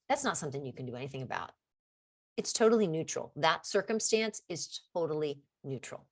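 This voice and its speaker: A middle-aged woman with a low voice hosts a casual podcast Q&A. She talks in an earnest, encouraging way and often restarts her sentences as she thinks aloud. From California. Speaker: podcast host.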